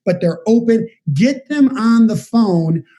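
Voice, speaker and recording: A man giving a direct, energetic motivational training talk, coaching his audience over a video call. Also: sits high, slow. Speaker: business trainer. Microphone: video call setup.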